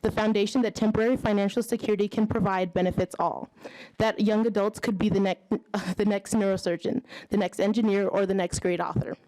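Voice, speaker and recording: A woman's voice: medium pitch, fairly even intonation, quick pace, warm tone, low-quality recording. A nervous young woman, born in Haiti, reading her prepared testimony to a legislative committee in a hearing room, laughing nervously now and then. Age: young adult. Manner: nervous, laughs between phrases. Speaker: youth advocate testifying.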